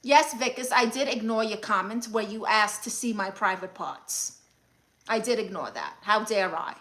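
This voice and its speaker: A woman playing a brash, sassy aunt who hosts a livestream, reading viewer comments with deadpan scolding. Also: medium pitch, moderate pace, lightly acted. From Brooklyn, New York. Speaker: comedic livestream host character. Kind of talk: mockumentary livestream comedy.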